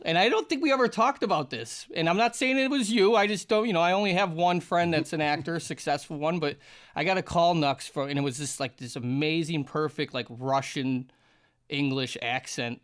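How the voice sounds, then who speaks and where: A man co-hosting a podcast who tells a story in animated, profane casual chat and laughs often. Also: fairly high pitch, fairly quick. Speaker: podcast co-host.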